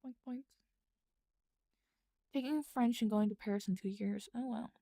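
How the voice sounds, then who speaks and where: A woman's voice: a little high, measured pace, creaky, mellow, no room sound, clean studio sound. A woman streamer chatting casually with her viewers late at night, rambling and thinking aloud as she writes. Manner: rambling, thinks aloud while typing, answers chat. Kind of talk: casual live-stream chat while writing.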